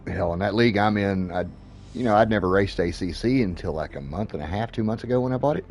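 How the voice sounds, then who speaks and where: Over slight background noise, a man talks fast in a fairly low, darkish voice. It's relaxed gameplay commentary on a racing sim, packed with tips, profanity, and frequent laughter.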